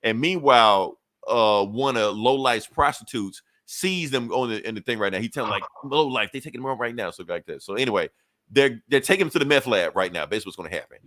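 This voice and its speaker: A man's voice: on the low side, expressive, a little fast, fairly bright tone, no room sound. A man casually retelling a comic book story on a podcast, acting out the characters' lines and laughing often. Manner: loose storytelling, acts out quotes, laughs often. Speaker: podcast co-host.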